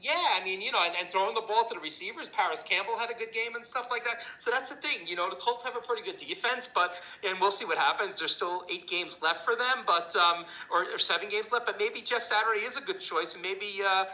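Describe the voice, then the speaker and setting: Bright-voiced man rambling about football. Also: sits high, fast, few pauses, poor audio. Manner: rambling, hesitant, ends phrases with "and stuff". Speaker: sports show co-host. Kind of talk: casual sports chat.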